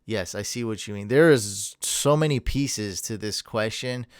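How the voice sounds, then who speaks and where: Casting: man, podcast host, energetic, rambling, smooth voice, dry close sound. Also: on the low side, unhurried, no echo. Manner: energetic, rambling, laughs at himself. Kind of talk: casual chat.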